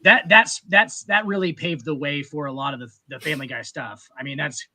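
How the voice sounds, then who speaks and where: A man's voice: a little high, a little fast, bright, forceful tone. A man co-hosting a casual podcast, telling loose, profane stories full of "like". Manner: loose, profane, storytelling with filler "like". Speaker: podcast co-host. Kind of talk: casual chat.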